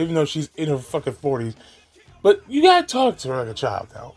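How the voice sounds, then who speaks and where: Man ranting with animated pitch. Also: a little fast, faint music behind. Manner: profane, exasperated, mocking. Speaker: commentary host. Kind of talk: ranting reaction commentary.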